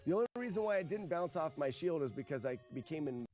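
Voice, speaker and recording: Lively high-voiced male game streamer. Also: fast talker, over loud music. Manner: chatty, talks viewers through his route. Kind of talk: live gameplay commentary.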